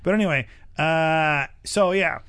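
A young male comic telling a long backstage story in a casual chat, with lots of fillers and animated bits. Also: on the high side, unhurried, smooth, no echo.

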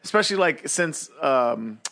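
A man's voice: fairly high pitch, lively intonation, normal speed, a bit bright. A man co-hosting a casual podcast chat, curious and questioning, with hesitant fillers. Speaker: podcast co-host.

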